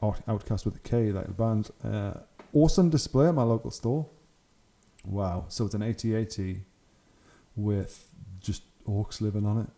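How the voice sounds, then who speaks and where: A man's voice: on the low side, moderate pace, vocal fry, mellow. A young man hosting his channel, giving casual, enthusiastic commentary on hobby photos and laughing often. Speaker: channel host.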